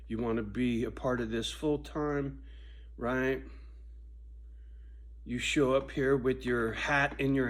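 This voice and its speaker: A man in a profane casual monologue, swinging from a loud, preachy rant to low muttering. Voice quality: swears constantly, preachy and intense. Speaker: vlogger.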